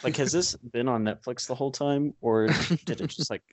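A man's voice: mid-range voice, moderate pace, darkish tone, no echo. A man co-hosting a podcast in casual chat, loose and chatty and full of asides. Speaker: podcast co-host.

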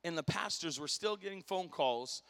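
High, bright-voiced preacher in a reverberant hall. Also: male voice, lively intonation, moderate pace. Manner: impassioned, storytelling, rising to shouts; casual slang like dude and bro. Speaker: pastor. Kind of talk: sermon. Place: church sanctuary.

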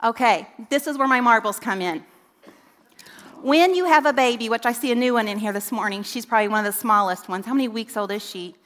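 A woman's voice: a little high, a little fast, fairly bright tone. Earnest woman preaching in a reverberant church. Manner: earnest, emphatic preaching with rising questions to kids. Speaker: children's ministry director. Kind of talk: church talk to parents. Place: church sanctuary. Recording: long reverb in a church hall.

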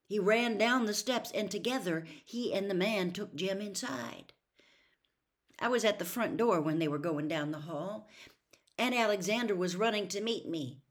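A woman reading a novel aloud in a slow, measured, hushed storytelling voice. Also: mid-range voice. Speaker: story reader.

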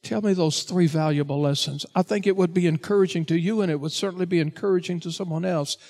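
Man, pastor, sermon, high-pitched, earnest, exhorting. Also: fast, darkish tone. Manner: earnest, exhorting, repeats "listen" to the congregation.

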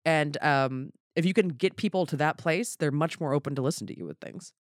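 A man, a comedian, talking in a casual podcast chat, rambling and animated and swearing offhandedly. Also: a little high, a little fast, dry recording, clean studio sound. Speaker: comedian guest.

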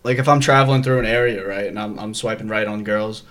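A man's voice: fairly low pitch, fairly even intonation, fast talker, fairly bright tone. Young man explaining in casual chat. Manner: explaining, repeats words. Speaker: podcast co-host.

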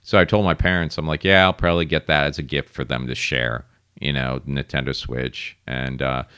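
A man in his thirties, co-hosting a podcast in casual chat and telling animated stories. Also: moderate pace, clean tone, no echo, clean studio sound. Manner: animated storytelling, mimics people in high voices. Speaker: podcast co-host.

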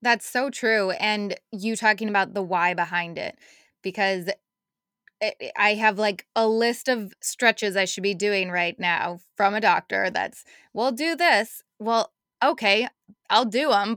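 Bright-voiced woman chatting reflectively. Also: mid-range voice, no echo, studio quality. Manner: chatty, reflective, quotes herself in asides. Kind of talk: casual podcast chat.

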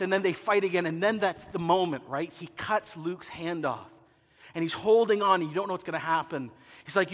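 A man preaching a sermon as a pastor, telling stories with animated, acted-out movie scenes. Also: high voice, brisk. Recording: long hall reverb.

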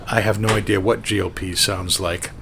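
A man's voice: deep voice, fairly even intonation, moderate pace, gravelly, noisy background. A man hosting a casual chat show, rambling with many fillers and restarts. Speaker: podcast host.

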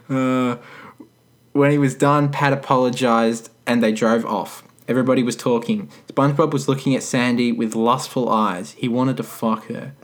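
A man casually reading a story aloud, breaking off for wry, deadpan comments. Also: mid-range voice, slow pace, long pauses. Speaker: podcast co-host reading fan fiction.

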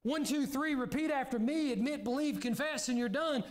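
A man preaching a sermon as pastor in a church, earnest, now and then dropping to a hushed, pleading voice. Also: extremely high pitch, normal speed. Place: church sanctuary.

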